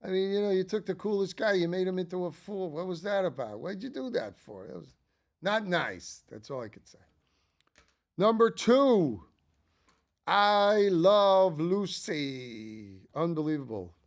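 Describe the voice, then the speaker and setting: A man's voice: high voice, expressive, measured pace. An older man hosting a casual ranking monologue, chatty and enthusiastic, rambling with frequent asides. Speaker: channel host.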